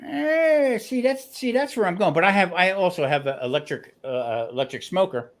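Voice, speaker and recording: Chatty New Jersey man, fairly high voice. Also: normal speed. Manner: animated storyteller, restarts often. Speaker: guest cook on a grilling livestream. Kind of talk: casual chat.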